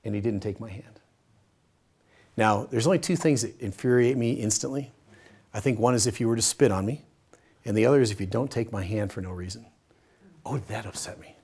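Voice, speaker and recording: This middle-aged Bible study teacher has a lowish, husky voice and a brisk delivery broken by frequent pauses. He tells stories with lively energy, veering from loud and emphatic to hushed.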